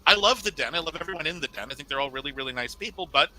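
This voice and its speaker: A man arguing his case in a casual podcast debate, talking fast and animated, sometimes over others. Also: a little high, poor audio.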